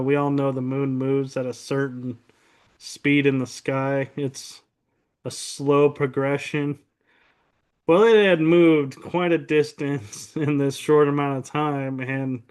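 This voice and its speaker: Slow-talking man telling an eerie story. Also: fairly high pitch, smooth. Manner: earnest, animated retelling with quoted dialogue. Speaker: guest recounting a paranormal experience. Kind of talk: casual storytelling.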